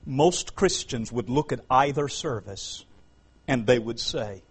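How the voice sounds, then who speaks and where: Man, Southern US accent, preacher, husky voice, quiet stories rising to loud preaching. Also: lively intonation, slow, rough recording. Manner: swings from quiet storytelling to loud high-pitched preaching. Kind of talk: revival sermon.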